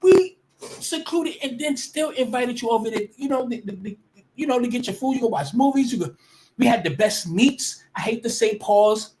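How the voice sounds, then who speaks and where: A woman's voice: on the high side, expressive, moderate pace, mellow, slight background noise. Blunt, profane woman ranting. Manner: blunt, profane and emphatic, with many restarts. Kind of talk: casual rant to camera.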